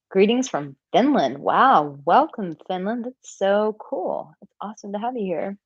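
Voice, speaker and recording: A woman's voice: medium pitch, expressive, unhurried, hardly any pauses, slightly rough, no room sound, dull audio. An American woman who coaches men on dating, chatting casually on a live-stream Q&A with lots of filler words. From United States. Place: home, living in Portugal.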